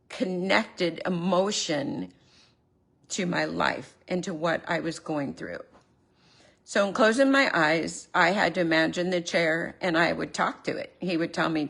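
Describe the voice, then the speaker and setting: A woman's voice: lowish voice, creaky, fairly bright tone. A woman speaking earnestly and openly emotional in a personal confessional vlog, recorded at home in her living room. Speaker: vlogger.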